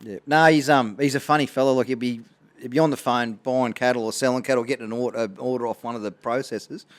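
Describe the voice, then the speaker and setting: A man's voice: mid-range voice, steady tone, quick pace. An Australian man co-hosting a podcast, chatting casually and easily, with lots of "yeah, no". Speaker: podcast co-host. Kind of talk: casual chat.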